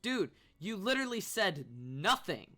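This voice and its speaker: A game streamer giving casual, loud commentary while playing, swearing, joking and laughing often. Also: mid-range voice, sing-song, measured pace, faint music behind. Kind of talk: casual let's-play commentary.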